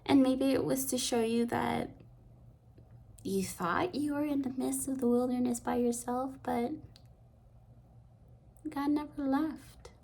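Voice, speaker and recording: A woman giving a rambling, soft-spoken tarot reading that often slips into a half-whisper. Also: high-pitched, takes it slowly, vocal fry, pauses often. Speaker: tarot card reader. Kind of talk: intuitive pick-a-card reading.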